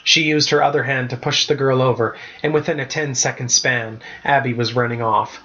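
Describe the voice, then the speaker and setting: A man, the author, narrating his storybook in a measured storytelling manner. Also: medium pitch, steady tone, pushed and bright, muffled recording. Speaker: author reading his novel.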